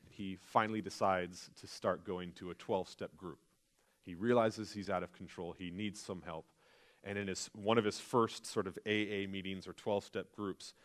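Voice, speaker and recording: A pastor delivering a sermon, his voice sitting on the low side. He speaks earnestly and tells stories in a confessional way, often pausing and restarting as he works through his thoughts.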